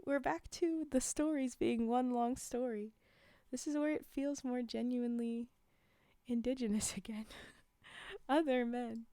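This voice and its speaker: Young woman, streamer, reading stories aloud, casual asides, gravelly fry, dry close sound. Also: high voice, mellow, no echo. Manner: chatty, frequent laughs and fillers while reading. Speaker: livestream storyteller.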